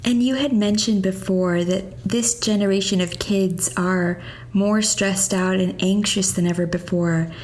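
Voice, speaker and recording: A woman's voice: medium pitch, steady tone, unhurried. Affirming woman podcast host. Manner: affirming, gentle interviewer. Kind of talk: casual conversational interview.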